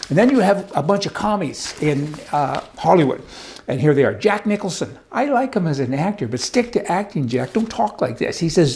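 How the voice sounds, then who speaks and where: A man's voice: a little high, big pitch swings, normal speed, vocal fry, a little mellow. A man hosting a show of opinionated political commentary, folksy and sarcastic, full of wisecracks and rhetorical questions. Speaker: host.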